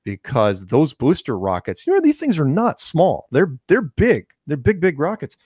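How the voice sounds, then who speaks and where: A man co-hosting a casual podcast conversation, telling stories in an animated way with frequent restarts. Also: on the high side, normal speed, husky, no room sound, studio quality. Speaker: co-host.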